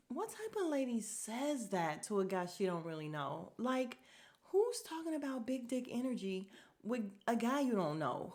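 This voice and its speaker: A woman's voice: fairly high pitch, very animated, a little slow. A woman hosting a casual podcast, recapping a reality show with candid, sassy commentary and frequent laughs. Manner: candid, sassy, laughs often, quotes people in voices. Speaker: podcast host.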